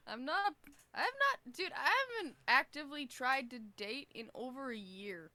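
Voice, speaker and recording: A woman's voice: high-pitched, animated, unhurried, pushed and bright, no echo. A young woman co-hosting a podcast in casual chat, swearing, laughing and mocking herself. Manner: swearing, laughing, jokey self-mockery. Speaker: podcast co-host.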